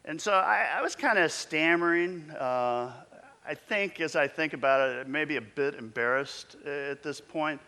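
A man's voice: fairly high pitch, unhurried, bright, forceful tone. A pastor in his fifties telling a story in a conversational, reflective sermon. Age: 50s. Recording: long echoing reverb.

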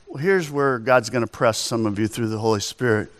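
A man preaching a sermon as pastor, animated, telling stories and asking rhetorical questions. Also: mid-range voice, brisk, dry recording.

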